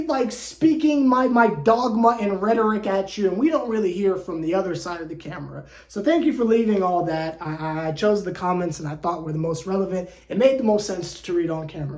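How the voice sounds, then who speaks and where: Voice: mid-range voice, darkish tone. Stammering, joking sports fan host. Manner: stammering restarts, repeats words; joking, slangy, conversational. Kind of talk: casual fan commentary rant to camera. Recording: roomy echo.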